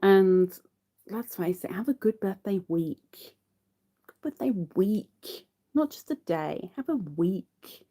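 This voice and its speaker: Slow, mellow-voiced woman chatting while crocheting. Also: medium pitch, expressive. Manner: chatty, talks to viewers while counting stitches. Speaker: crafter hosting a live crochet stream. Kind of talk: casual chat while crocheting.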